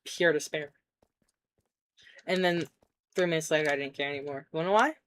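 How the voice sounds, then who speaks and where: A woman's voice: deep voice, brisk, a little hiss or hum. A woman streamer casually telling a rambling story while gaming, swearing and tossing in jokey asides. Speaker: game streamer. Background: keyboard typing and clicks.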